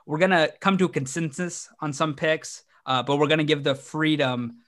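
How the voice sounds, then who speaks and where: A man's voice: a little high, moderate pace, fairly bright tone. A man hosts a casual sports podcast with plenty of energy. He jokes around and rambles, often stopping to restart his sentences. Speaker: podcast host.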